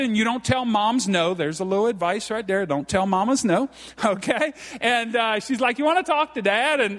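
A man's voice: high voice, fairly bright tone. A middle-aged man preaching a folksy sermon, often checking in with "okay?" and calling the congregation "guys". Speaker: pastor. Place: church sanctuary. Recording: long hall reverb.

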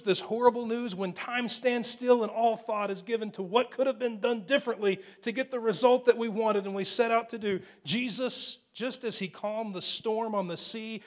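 A man with a voice that sits high preaches a sermon, retelling a scripture story with emphatic repetition. For quoted lines, he drops to a hushed near-whisper.

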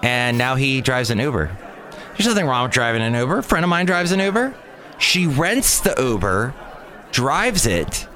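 A man's voice: medium pitch, very animated, normal speed, fairly bright tone. A man hosting a solo podcast, talking in a rambling, jokey way that drifts from topic to topic. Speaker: podcast host.

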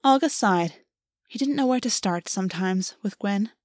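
A woman narrating a fantasy story aloud in a steady, even audiobook reading. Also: medium pitch, normal speed, no room sound, studio quality.

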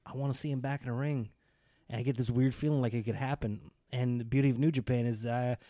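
A man co-hosting a podcast, chatting casually and enthusiastically about wrestling, rambling and getting animated. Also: medium pitch, fast, no room sound, studio quality. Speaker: podcast co-host.

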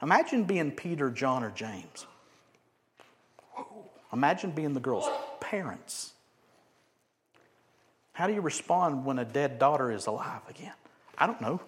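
A man preaching a sermon, acting out quotes loudly and then dropping to quiet asides. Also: mid-range voice, moderate pace, slight background noise. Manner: animated, swings from loud acted-out quotes to quiet asides. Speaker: pastor.

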